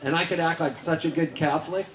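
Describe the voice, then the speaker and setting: A man's voice: fairly high pitch, fairly even intonation, quick pace, a bit bright. A man performing live on stage, chatting with the crowd between songs in a goofy, rambling, self-mocking way, often laughing. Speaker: singer-songwriter performing live. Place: winery concert venue, live audience. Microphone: stage vocal microphone. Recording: roomy live concert with guitar.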